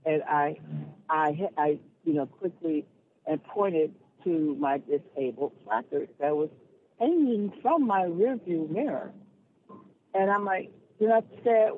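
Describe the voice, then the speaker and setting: A man with a high voice calls in to a radio talk show and tells his story with animated indignation and quick retorts. His voice comes through a thin, tinny phone line, with a faint hiss underneath. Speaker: radio call-in caller. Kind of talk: casual storytelling on a call-in show.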